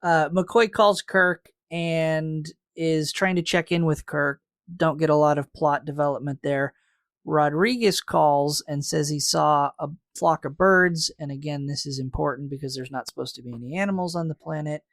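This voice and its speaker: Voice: medium pitch, steady tone, moderate pace, no room sound, studio quality. A podcast co-host in casual recap chat, laying out fan theories in an analytical, hedging way.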